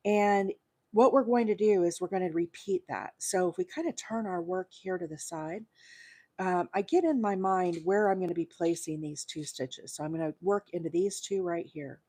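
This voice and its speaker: Woman from alabama walking through crochet stitches on a livestream, counting out loud, saying hi to viewers. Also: lowish voice, moderate pace. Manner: friendly, greets viewers by name while counting stitches. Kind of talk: live crochet tutorial.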